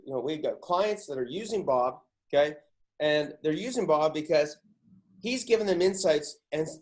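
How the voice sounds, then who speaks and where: A man hosting a podcast, talking casually in an emphatic, profane way that hammers his points home. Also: a little high. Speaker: podcast host.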